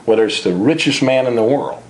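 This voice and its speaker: A man's voice: medium pitch, fairly quick. A man being interviewed as the author of a finance book, talking earnestly and sometimes repeating a word as he starts a thought. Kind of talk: interview about personal finance.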